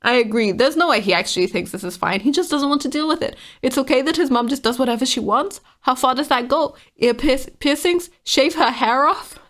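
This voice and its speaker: Lady reading comments out and reacting, kinda exasperated, voice on the higher side. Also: a little fast, hardly any pauses. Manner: exasperated, frank, reads comments aloud in animated voices. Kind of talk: casual commentary.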